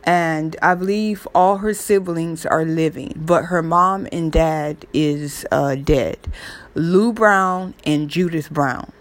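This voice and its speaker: A woman's voice: low-pitched, takes it slowly. A woman casually retelling a story in a rambling, chatty way, with many fillers and restarts. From New York area. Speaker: true crime vlogger.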